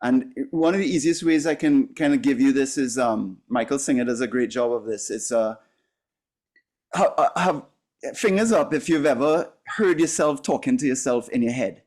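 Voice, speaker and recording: A man's voice: mid-range voice, normal speed, a little mellow. A man coaching a class, speaking in an earnest, emphatic way with frequent fillers and restarts. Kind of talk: teaching a masterclass.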